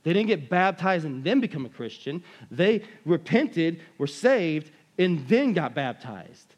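A man preaching a sermon in a conversational, animated way, retelling scripture stories with quoted voices. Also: fairly high pitch, unhurried. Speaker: pastor. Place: church.

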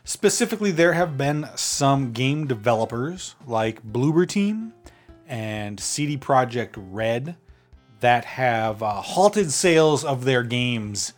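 A man's voice: medium pitch, expressive, slow, soft background music. A man co-hosting a casual podcast, chatty, laughing often and using many fillers. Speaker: podcast co-host.

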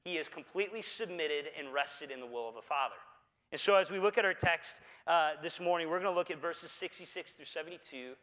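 A man preaching a Sunday sermon as pastor, talking conversationally and often pausing on "uh" and "um.". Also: on the high side, sharp tone, big-room sound. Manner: conversational preaching with frequent "uh" fillers.

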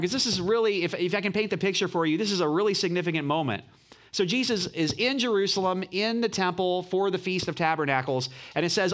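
A man preaching a sermon as a pastor, explaining earnestly and dropping low and slow for emphasis.

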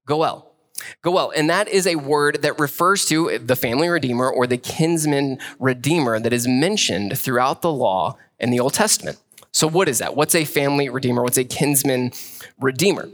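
A man's voice: medium pitch, moderate pace, a bit bright. A young adult man, a pastor, preaching a sermon in a casual, conversational way with many fillers.

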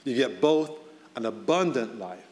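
A man's voice: medium pitch, animated, unhurried, darkish tone. Man preaching in a reverberant church hall. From Boston area. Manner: conversational preaching with rising emphasis. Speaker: pastor. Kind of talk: sermon.

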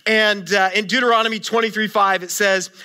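A man preaching a conversational sermon in church, telling stories in an animated way with frequent restarts. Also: sits high, a little fast, smooth. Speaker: pastor. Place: church sanctuary.

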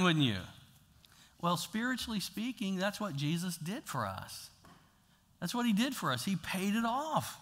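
A pastor preaching a sermon in a casual, talky way, swinging from loud to hushed. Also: male voice, sits high, sing-song, normal speed. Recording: long hall reverb.

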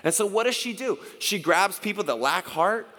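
A middle-aged pastor preaches in a loose, conversational way, often slipping into short acted-out exchanges. His voice sits a little high for a man. The sound carries a long hall reverb. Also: animated, moderate pace, sharp tone. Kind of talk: sermon.

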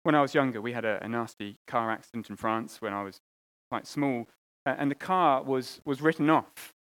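A man preaching a sermon, earnest, often repeating words and swinging between loud appeals and quiet, hushed lines. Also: medium pitch, moderate pace, smooth.

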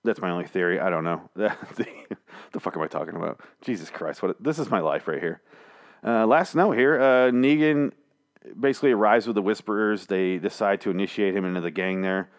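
A man's voice: deep voice, fairly quick. A man hosting a solo podcast from a small studio, rambling through a casual recap with lots of swearing and jokes. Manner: rambling, profane, jokey. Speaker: podcast host. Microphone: headphones on, studio mic.

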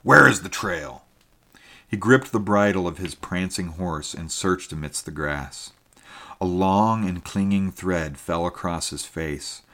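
A man narrating a story in a measured, steady reading. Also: deep voice. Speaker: audiobook narrator. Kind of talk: scripted narration.

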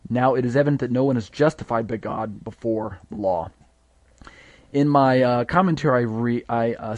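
A man leads a live Bible study, explaining step by step with frequent fillers and restarts. His voice sits at a middle pitch. The sound is dry and close, with no room echo. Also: darkish tone.

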